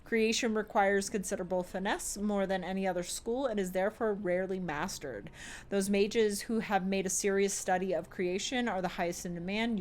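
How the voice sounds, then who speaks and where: A woman game streamer who reads in-game lore entries aloud in a quiet, even voice and chats animatedly with her viewers. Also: medium pitch, normal speed. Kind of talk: casual live-stream chat and reading game lore aloud.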